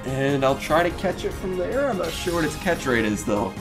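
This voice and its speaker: A young man hosting a let's play, commenting on the game as he plays, chatting to the characters on screen with quick exclamations. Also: a little high, big pitch swings, music in the background.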